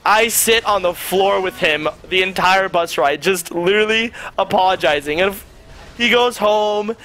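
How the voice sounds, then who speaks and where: A man's voice: sits high, moderate pace, bright, forceful tone. A young man streamer telling a rambling, profane story in casual chat, full of fillers.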